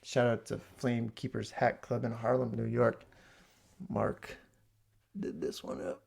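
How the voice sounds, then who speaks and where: A man telling a comic story as a rant from his home basement, swinging from loud exclamations to hushed asides. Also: mid-range voice, flat delivery, unhurried, gravelly. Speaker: comedic ranter. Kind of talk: comedic rant.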